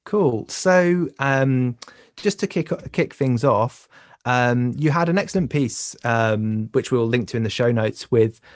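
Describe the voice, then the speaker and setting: A man hosting a conversational podcast interview, halting and often repeating words as he talks. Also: medium pitch, no room sound, clean studio sound. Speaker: podcast host.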